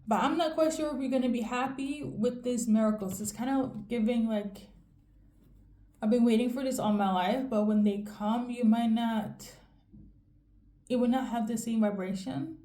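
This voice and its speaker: A woman with a raised yet mellow voice gives a casual tarot reading. She rambles in a fairly monotone way, keeps checking in with the listener, and sounds as if she is in an echoey room. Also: a little high, normal speed. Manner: monotone delivery. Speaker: tarot reader.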